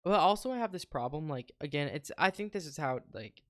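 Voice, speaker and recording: A man's voice: fairly high pitch, lively intonation, a little fast. A young man co-hosting a casual podcast, sarcastic and swearing often. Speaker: podcast co-host. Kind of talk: casual chat.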